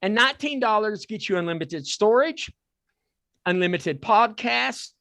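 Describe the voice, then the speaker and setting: A man with a Southern accent hosting a talk podcast, excitable and repeating himself as he pitches a sponsor. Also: measured pace, gravelly, no echo, clean studio sound. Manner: excitable, repeats words and restarts. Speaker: podcast host. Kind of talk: casual chat with a sponsor plug.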